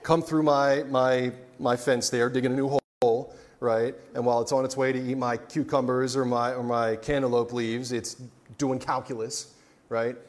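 A man's voice: mid-range voice, little pitch movement, moderate pace. A man preaching a casual sermon in a conversational way. He keeps checking in with "right?" and adds joking asides. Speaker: pastor.

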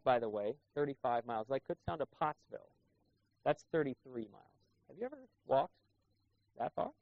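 A pastor with a rather high voice delivers a sermon in a conversational way, putting rhetorical questions to the congregation. The recording is dry with no room sound, and its quality is dull and lo-fi.

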